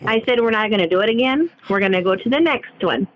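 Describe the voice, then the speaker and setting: A woman's voice: on the high side, animated, fast, highs cut off, close to an everyday voice. A woman doing a folksy female politician who bossily coaches in corny sayings. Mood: coaching. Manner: bossy, encouraging, folksy.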